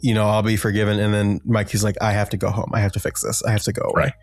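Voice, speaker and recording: A man's voice: fairly low pitch, little pitch movement, rapid-fire, faint music behind. A man co-hosting a podcast, chatting casually about an album with many fillers and bursts of sung lyrics. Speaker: podcast co-host. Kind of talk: casual music discussion.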